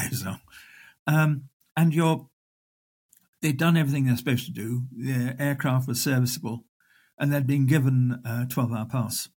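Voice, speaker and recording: An older man, a historian, telling wartime anecdotes in an animated way. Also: mid-range voice, slightly rough. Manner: animated raconteur, acts out voices. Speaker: historian guest. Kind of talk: storytelling interview.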